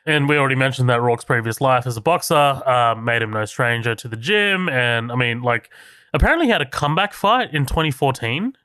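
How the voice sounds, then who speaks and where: A man from Australia, co-hosting a casual film podcast in a relaxed, profane, chummy way. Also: mid-range voice, a little fast, clean tone, no echo, clean studio sound. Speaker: podcast co-host.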